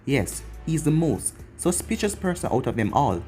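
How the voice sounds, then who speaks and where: A man's voice: fairly high pitch, sing-song, normal speed, darkish tone, faint music behind. A man voicing a dutiful masked ninja guard giving a terse, urgent report.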